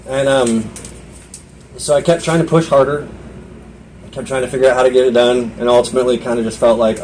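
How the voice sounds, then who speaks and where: A man's voice: medium pitch, steady tone, a little fast, pauses often, darkish tone, slight background noise, poor audio. A young man giving a personal testimony at a Bible study, talking earnestly in a loose conversational way, often restarting and voicing his own inner thoughts.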